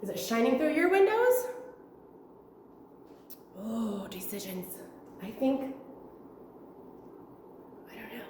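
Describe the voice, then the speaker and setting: A young woman teaching a virtual preschool lesson in a room with windows, talking slowly in a sing-song way to small children. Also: fairly high pitch, big pitch swings, recorded from a distance, noisy background. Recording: echoey room with long reverb.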